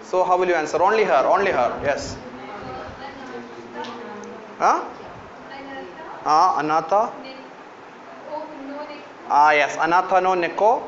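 A man with an Indian English accent lectures a classroom in a high voice, drawing students in with frequent fillers and questions. The sound is lo-fi and roomy, with a faint hiss behind it. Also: slow, pauses often, fairly bright tone. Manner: coaxing, calls on students, many fillers. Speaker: university lecturer teaching Japanese. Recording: echoey lo-fi classroom recording.

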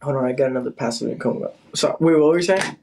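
A man's voice: mid-range voice, fast talker, gravelly, noisy background. A man on a casual livestream who taunts his rival and calls out to his viewers. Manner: taunting, teasing, calling out to viewers. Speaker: livestreamer in a live battle.

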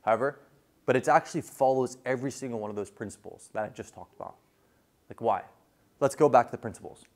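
A man lecturing a class in a casual, animated way, full of fillers and quick restarts. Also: mid-range voice.

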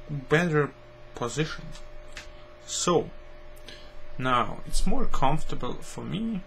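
A man with a Croatian accent, hosting a game channel and commenting as he plays, slow and musing, then bursting into excited exclamations. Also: on the high side, vocal fry, slight background noise, low-quality recording. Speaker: gaming channel host. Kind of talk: playing and commenting a mobile game. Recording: loud game music over the voice. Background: loud game music.

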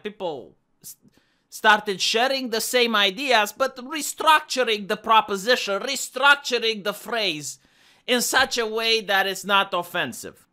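A man's voice: high voice, sharp tone. A man from Romania with a Romanian accent, giving an argumentative casual monologue as a streamer and often repeating words as he restarts. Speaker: live streamer.

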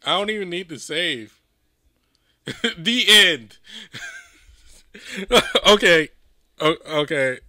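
A man's voice: a little high, lively intonation, slow pace, pauses often, bright, forceful tone. A man commenting on a story game in a playful, incredulous way, laughing often and exclaiming at what he sees. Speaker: gaming video creator.

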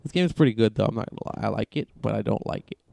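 A young man commentating his own wrestling video game, excitable and joking, swearing often. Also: fairly low pitch, racing, creaky, dry recording. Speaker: gaming channel host. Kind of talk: casual gameplay commentary.

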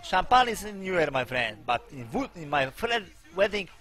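A young man with a Polish accent, a streamer chatting casually in broken English, forever tagging his lines with "my friend" and swinging between mumbled asides and loud outbursts. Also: high voice, sing-song, moderate pace.

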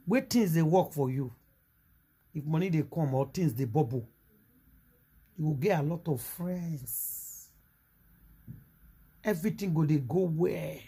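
A speaker with a Nigerian Pidgin accent chatting casually to viewers, chatty and lively with sighing asides. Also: mid-range voice, unhurried, pauses often, breathy edge. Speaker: commentator.

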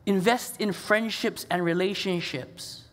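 A man's voice: sits high, steady tone, measured pace, a bit bright, big-room sound. A middle-aged man preaching a sermon in a conversational, storytelling way with casual asides. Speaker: pastor. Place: church sanctuary.

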